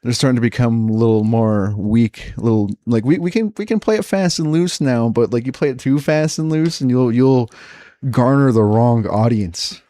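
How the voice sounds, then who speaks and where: A streamer rambling fast and profanely in casual chat. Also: male voice, mid-range voice, warm tone, dry recording, clean studio sound.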